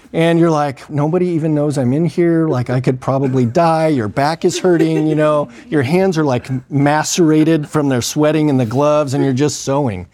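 A man's voice: fairly high pitch, dark tone. A man telling a story from his work in emergency medicine in a casual, conversational way, acting out what people said and using plenty of fillers. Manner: conversational, acts out quoted dialogue, frequent fillers.

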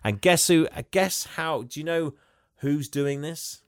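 A man's voice: fairly high pitch, a little slow, clear, resonant tone, no echo, studio quality. A man co-hosting a podcast, animatedly retelling a film and quizzing his co-host. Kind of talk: casual chat, film recap.

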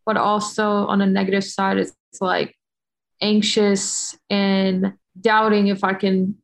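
Woman, slow hesitant speech, gravelly voice, call participant. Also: mid-range voice, flat delivery, low-quality recording.

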